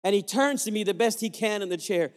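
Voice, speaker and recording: Brief: male pastor from Puerto Rico, animated sermon storyteller, high-ish voice, reverberant sanctuary. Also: a little fast. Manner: animated storyteller, acting out dialogue. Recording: long hall reverb.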